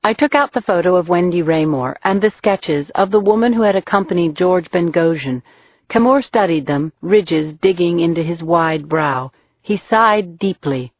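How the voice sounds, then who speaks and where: A woman's voice: fairly low pitch, lively intonation, moderate pace, no echo, muffled recording. A woman narrating a first-person crime novel in a wry, dry manner. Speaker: audiobook narrator.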